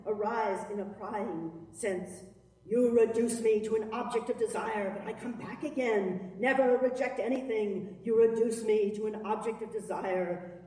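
A woman's voice: mid-range voice, dark tone. A woman giving a dramatic spoken-word performance, chanting and sometimes half-singing her lines. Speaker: performance poet. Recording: reverberant hall, from far off.

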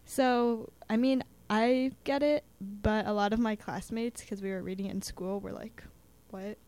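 A woman's voice: medium pitch, steady tone, normal speed, a little mellow, smooth. A young woman chatting casually as a student guest, with lots of fillers, acting out little quotes as she talks. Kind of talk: casual chat about poetry.

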